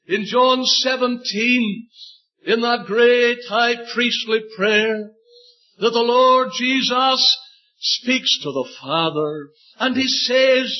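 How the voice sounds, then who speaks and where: A man with a high voice preaches slowly and fervently, stretching phrases and repeating scripture for weight. Now and then he rises into loud, emphatic bursts. The recording is dull and lo-fi. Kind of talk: sermon.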